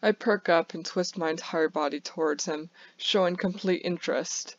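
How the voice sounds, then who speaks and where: A woman's voice: on the low side, moderate pace, dry recording. A woman reading a first-person bedtime story aloud, with small stumbles and restarts, on a dull lo-fi recording.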